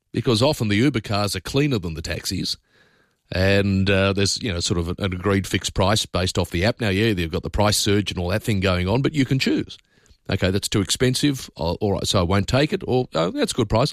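A man's voice: fairly low pitch, dry recording. An Australian man hosting talkback radio from a studio. He talks in a chatty, opinionated way with loose asides. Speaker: radio talk host. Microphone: studio microphone.

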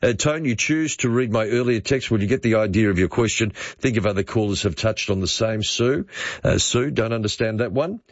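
An older man hosting talkback radio, chatty and quick to exclaim as he reads listener texts aloud. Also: fairly low pitch, dry recording. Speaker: radio host. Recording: dull dry studio sound.

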